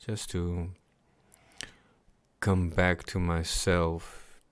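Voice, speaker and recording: A man slowly reading and explaining devotional scripture, chanting at times, pausing to reflect and repeating his words. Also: low-pitched, level tone. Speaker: scripture reader. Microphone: computer mic on a livestream.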